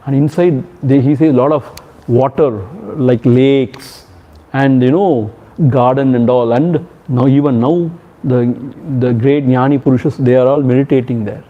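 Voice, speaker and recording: Emphatic Indian swami, lo-fi recording. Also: male voice, medium pitch, fairly even intonation, measured pace. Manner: emphatic, repeats key phrases, chuckles between points. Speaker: swami giving a spiritual discourse. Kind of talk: devotional discourse with chanted verses. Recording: dull lo-fi recording.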